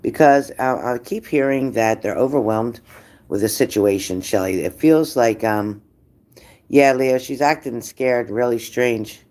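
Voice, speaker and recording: Rambling psychic reader, mid-pitched voice. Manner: unhurried, repeats phrases, trails off mid-sentence; breaks off to scold a dog loudly. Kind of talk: casual spirit-message reading.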